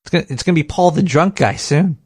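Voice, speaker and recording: A man hosting a podcast in casual chat, joking and laid-back, a little high. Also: fast, darkish tone, breathy edge, no room sound. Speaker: podcast host.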